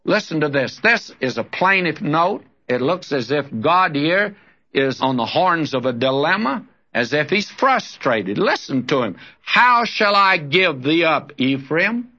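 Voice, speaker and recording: A man's voice: fairly high pitch, big pitch swings, a little slow, pushed and bright. An older man giving a folksy sermon as a radio Bible teacher, calling his listeners friends and reading scripture aloud. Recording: lo-fi old radio broadcast.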